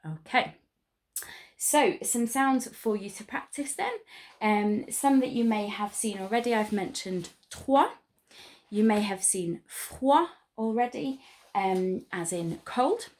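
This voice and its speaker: A woman, a French teacher giving a pronunciation lesson, modelling words slowly and clearly and praising her pupils. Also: medium pitch, lively intonation, a little mellow, slight background noise. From England.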